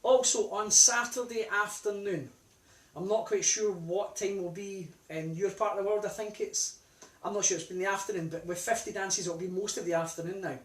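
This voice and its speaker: A man's voice: high voice, normal speed. A man in his forties, a line dance instructor with a British accent, calling steps in a raised sing-song voice and then chatting, out of breath. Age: 40s. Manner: chatty and relaxed between dances. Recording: distant mic in an echoey room. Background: music playing.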